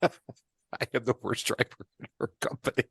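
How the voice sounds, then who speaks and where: A man's voice: mid-range voice, moderate pace, creaky, fairly bright tone, slightly rough, no room sound, clean studio sound. A man hosting a podcast, chatting casually, joking around, swearing freely and hyping up his listeners. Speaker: podcast host. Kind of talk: casual chat.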